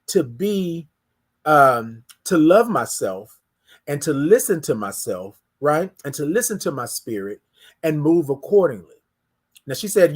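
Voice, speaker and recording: Male host, casual morning show, storyteller who acts out quotes, slightly higher voice. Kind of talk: casual morning livestream talk.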